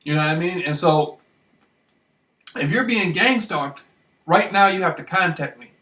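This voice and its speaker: A man recording a rambling, excited monologue, repeating himself and often asking if you follow him. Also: high voice, moderate pace, reverberant, recorded from a distance. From Michigan, United States. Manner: excited, repetitive, keeps asking "you know what I mean". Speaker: vlogger.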